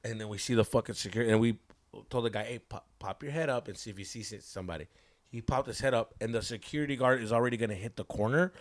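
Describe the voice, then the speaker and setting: A man, a podcast host telling a story in casual chat, profane and animated, acting out quotes. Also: medium pitch, fast. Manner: animated, profane, laughs a lot, acts out quotes.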